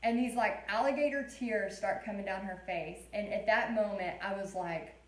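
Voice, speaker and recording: Speaking at a moderate pace in a mid-range voice, this woman in her thirties teaches a relaxed live painting session, a chatty art teacher who drifts into storytelling. The room adds a noticeable echo.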